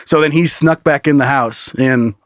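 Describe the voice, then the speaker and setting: Speaking at normal speed in a mid-range voice, with a little hiss or hum in the background, this comedy podcast co-host spins animated, profane stories in casual chat. He laughs often along the way.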